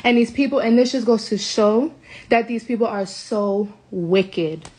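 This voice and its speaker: A woman's voice: on the high side, a little slow, darkish tone. An upset, shaken woman from the United States vents to her followers in a live video from a hotel room. She talks emphatically into her phone and repeats herself. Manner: emphatic and repetitive, venting. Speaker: vlogger speaking to her viewers.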